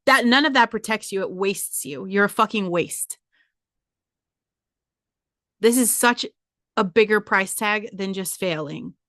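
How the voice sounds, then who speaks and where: A woman podcast host talks her listeners hard toward risk and faith, blunt and cursing freely. Her voice sits at a middle pitch for a woman. The sound is dry and close, with no room echo. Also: a little slow, long pauses, fairly bright tone. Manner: blunt, profane and exhorting. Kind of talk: motivational monologue.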